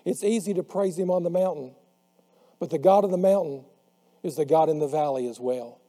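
A man preaching a sermon who slows down and drops his voice on the words he wants to stress. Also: a little high, dark tone. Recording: long hall reverb.

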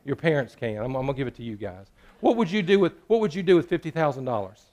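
A man preaching a sermon in a church, joking with the congregation and swinging between loud and hushed. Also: mid-range voice, sing-song, fast. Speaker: pastor.

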